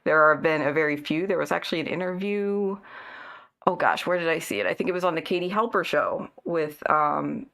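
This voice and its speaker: A woman in a casual political chat, speaking in a measured way and thinking aloud with fillers. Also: sits low, lively intonation, vocal fry, fairly bright tone.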